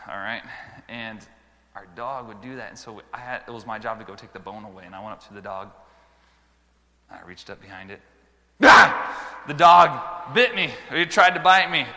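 A man preaching a sermon to schoolchildren, telling stories with lively swings between loud exclamations and quiet earnest moments. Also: fairly low pitch, in a large hall. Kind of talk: sermon with storytelling.

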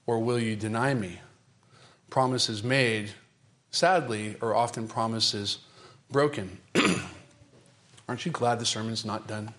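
A man's voice: on the low side, takes it slowly, pauses often. A man, a pastor, preaching a sermon with dramatic emphasis, repeating phrases and asking the congregation rhetorical questions. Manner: dramatic, emphatic delivery with repetition and sudden shifts in pace and loudness.

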